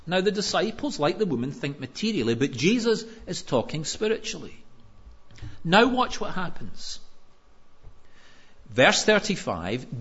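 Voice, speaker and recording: A man preaching a sermon in a lively, conversational storytelling way with touches of humor. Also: high voice, measured pace, slightly rough, dull audio.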